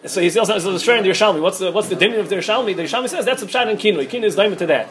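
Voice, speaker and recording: Man, rabbi teaching Talmud, very fast delivery, frequent restarts. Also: high voice, lively intonation, fairly bright tone. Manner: rapid, restarts often, mixes Hebrew-Aramaic terms. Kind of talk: quick Talmud study lecture.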